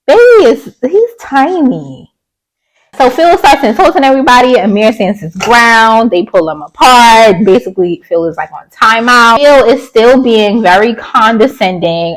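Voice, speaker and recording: A woman's voice: fairly high pitch, animated, normal speed, low-quality recording. A woman giving a casual, opinionated recap of a reality show, chatty and blunt, with sassy asides and mocking quoted voices. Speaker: YouTube reality-TV reviewer.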